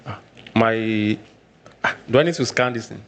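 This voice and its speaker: A man's voice: fairly low pitch, normal speed, a bit bright. A Nigerian man presenting a live technical workshop, often repeating his points and checking in with "all right".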